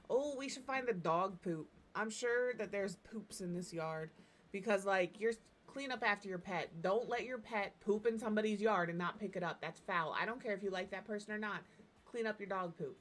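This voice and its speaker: A woman streaming as she builds in a game, talking in a relaxed, chatty way and giggling through her stories. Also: medium pitch, slight background noise. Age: adult parent. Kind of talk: casual chat while building in a game.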